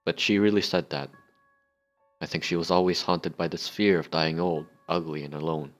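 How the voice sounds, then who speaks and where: A man reading as a young bartender, low and plain. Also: fairly even intonation, normal speed, faint music behind, natural voice. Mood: subdued. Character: young male bartender recalling his sins.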